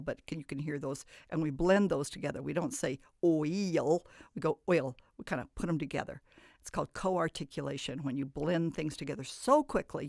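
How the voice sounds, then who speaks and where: A woman leads a phonics lesson in a dry, close-sounding recording. She explains things patiently and step by step, lifting her voice to stress each sound she demonstrates. Her voice sits low with a gravelly edge. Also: no echo. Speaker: reading teacher.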